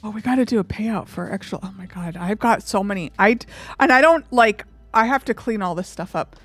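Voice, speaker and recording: A woman's voice: mid-range voice, expressive, fairly quick, no room sound, faint music behind. A woman streamer chatting casually and openly, rambling with lots of fillers. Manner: open and emotional. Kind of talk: casual live-stream chat.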